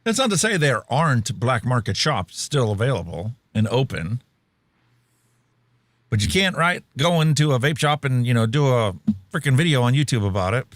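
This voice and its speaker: A man's voice: mid-range voice, big pitch swings, moderate pace, no echo. A man co-hosting a casual podcast talk show, rambling with lots of fillers and dad jokes. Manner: jokey, rambling, many fillers. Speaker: podcast co-host.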